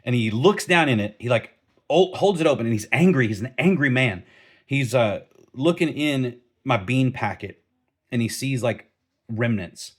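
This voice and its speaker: A man's voice: medium pitch, normal speed. Man telling an army story, laughing often. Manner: animated, laughing through the story, frequent restarts. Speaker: storyteller recounting army training. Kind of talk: casual storytelling vlog.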